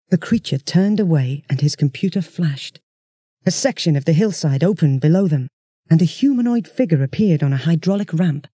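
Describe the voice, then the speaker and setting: A storyteller, reading a children's science-fiction story in steady, expressive narration. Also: medium pitch, moderate pace, slightly rough, no echo. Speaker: audiobook reader.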